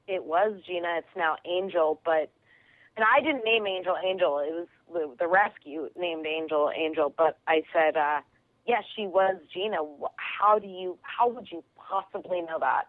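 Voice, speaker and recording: A woman comedian telling an animated story as a radio guest, acting out the people in it. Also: on the low side, moderate pace, no echo. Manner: excitable, quotes people in her stories. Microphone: phone call. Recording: tinny phone line.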